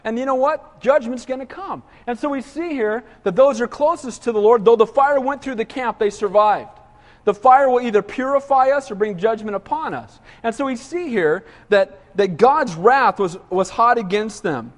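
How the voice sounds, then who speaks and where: A man with a very high voice preaches a casual, chatty sermon, putting questions to his listeners and slipping into mock whining. His words ring out in a church with a long, lingering reverb. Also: normal speed. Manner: conversational, asks the congregation questions, acts out whiny voices. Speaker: pastor.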